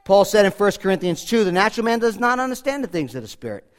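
A pastor preaching a sermon, emphatic, often dropping to a hush and asking the congregation direct questions. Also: male voice, sits high, sing-song, quick pace. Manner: emphatic preaching, swings from loud to hushed.

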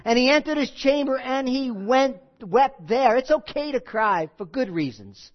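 A man preaching a sermon in a conversational, animated way, with frequent asides. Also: extremely high pitch, normal speed, lo-fi sound. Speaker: pastor.

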